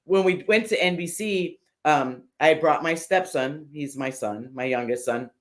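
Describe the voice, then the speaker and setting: An older woman, a motorcycle builder interviewed as a guest, telling stories casually and animatedly, acting out what others said and filling pauses with "um" and "uh". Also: deep voice. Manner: animated storyteller who acts out what others said, with many fillers.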